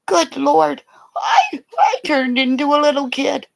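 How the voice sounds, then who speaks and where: An older woman chatting casually on a livestream, telling rambling stories and now and then whispering softly to her dog. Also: sits high, expressive, measured pace, vocal fry, slight background noise, low-quality recording. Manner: rambling storytelling, swings between loud exclamations and soft whispers to her dog.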